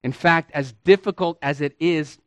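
Preaching to his congregation, a man teaches with deliberate stress, drawing out important words and calling people beloved and friends. He has a slightly high, smooth voice, and there is no echo.

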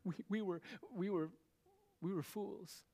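A man's voice: high-pitched, fairly even intonation, a little slow, gravelly, dark tone, voice pushed up, full character voice. A man preaching, voicing frightened brothers who grovel and beg forgiveness in a raised, stammering voice. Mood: pleading.

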